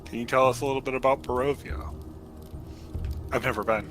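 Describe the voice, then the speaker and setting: A man's voice: medium pitch, steady tone, fairly quick, a bit bright, soft background music. A man playing his character in a tabletop game, speaking in a playful, mock-formal way. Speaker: player.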